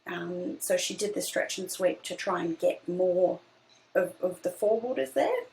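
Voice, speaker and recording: Young aussie woman telling her birth story, lots of ums, low gravelly voice. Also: normal speed, a little mellow, rough recording. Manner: hesitant, many ums and restarts. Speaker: podcast guest. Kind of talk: personal birth story in casual chat.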